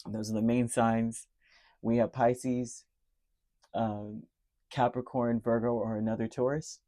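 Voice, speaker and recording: Emotional man giving a mellow tarot reading. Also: mid-range voice, little pitch movement, takes it slowly. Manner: earnest, emotional, speaks straight to the listener; repeats key words, many fillers and restarts. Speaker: tarot reader. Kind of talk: direct-to-camera tarot reading.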